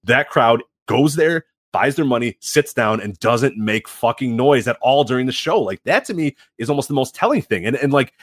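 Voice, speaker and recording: A man co-hosting a podcast in casual chat, telling rambling, animated stories full of fillers. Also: medium pitch, moderate pace, hardly any pauses, breathy edge, no echo, studio quality. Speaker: podcast co-host.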